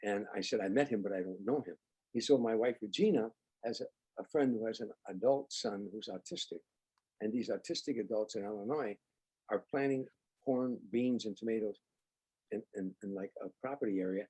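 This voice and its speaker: Husky-voiced older man telling stories. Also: fairly low pitch, a little fast. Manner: animated anecdotes, acts out quoted dialogue. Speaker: guest comedian. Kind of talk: storytelling interview.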